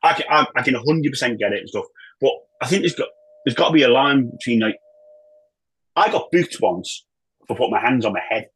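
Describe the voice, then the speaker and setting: A man, a former footballer and manager, chatting as a podcast guest in an animated, rambling way, full of restarts and the odd swear. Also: mid-range voice, brisk, breathy edge, rough recording. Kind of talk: casual chat.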